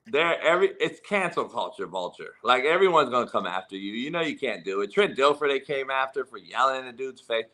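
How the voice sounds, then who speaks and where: A man's voice: medium pitch, lively intonation, brisk, few pauses, bright, forceful tone. A middle-aged man hosting a sports talk show, blunt and profane, laughing often as he talks about coaching. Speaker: football coach and podcast host.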